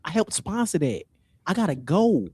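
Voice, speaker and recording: A man's voice: sits high, big pitch swings, normal speed, mellow, husky. A man co-hosting a podcast, ranting in casual chat and repeating himself. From St. Louis area. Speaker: podcast co-host.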